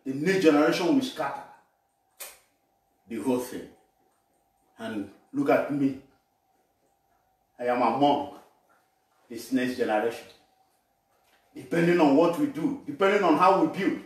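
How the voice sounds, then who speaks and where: A man from Nigeria preaching a sermon with animation, shouting and laughing as he addresses the congregation. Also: medium pitch, animated, a little slow, pauses often. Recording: echoey room, voice from far off.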